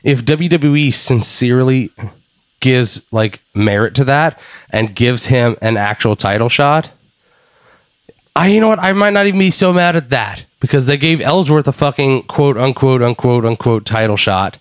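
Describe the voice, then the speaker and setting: Animated, swearing man in casual chat. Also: mid-range voice, moderate pace, dry recording. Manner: animated, swearing, fantasy-booking out loud. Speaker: podcast co-host.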